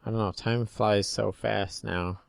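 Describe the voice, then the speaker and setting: Podcast co-host guy, jokey, lowish gravelly voice. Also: fairly even intonation, unhurried, no room sound, clean studio sound. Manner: joking, laughs a lot, wisecracks. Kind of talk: casual podcast chat.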